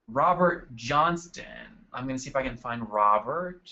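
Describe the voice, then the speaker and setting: A man's voice: medium pitch, moderate pace, few pauses, pushed and bright, dull audio. A man hosting a live marketing webinar, talking energetically and calling out attendees by name from his desk. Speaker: webinar host. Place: home desk.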